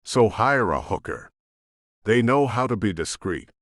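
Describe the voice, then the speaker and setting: A paranoid male hacker, voiced by a man reading an audiobook, who answers in curt, dismissive bursts. His voice sits low but moves around a lot in pitch. The sound is dry and close, with no room around it. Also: lively intonation, unhurried, a bit bright, dry recording. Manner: clipped, dismissive. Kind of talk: audiobook character voice.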